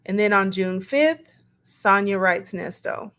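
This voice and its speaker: A woman reads text messages out loud at an unhurried pace. Her pitch sits in a middle range. She stops between the quoted lines to muse and add plain, casual remarks of her own. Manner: slow, musing, reads quotes aloud with asides. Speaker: commentator reading text messages. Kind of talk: casual read-aloud commentary.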